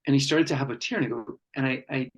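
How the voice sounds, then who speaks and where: A man speaking at a workshop on men and conflict, earnest and reflective, with pauses and fillers. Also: mid-range voice, lo-fi sound.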